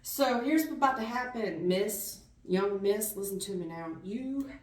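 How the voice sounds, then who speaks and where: A woman doing a tarot reading who talks to the viewer in blunt street slang, animated and direct. She sits a bit back from the mic, so her voice sounds distant. The room around her is echoey. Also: medium pitch, a little slow. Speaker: tarot reader.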